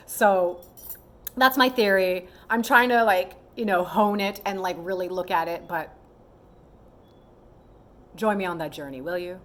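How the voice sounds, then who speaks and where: A woman in her thirties vlogging straight to camera in a loose, chatty way. She swings her voice up and down freely and slips into quick impressions of other people mid-sentence. Her pitch sits in an ordinary middle range. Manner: animated, mimics other people's voices in quoted asides. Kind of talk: casual monologue to camera.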